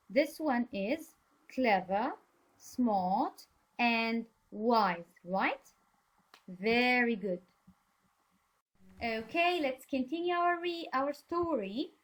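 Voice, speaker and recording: Slow, patient woman teaching young learners. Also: fairly high pitch, a bit bright. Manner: slow, patient, praising and explaining words. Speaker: English teacher. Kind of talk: reading a story aloud for a class.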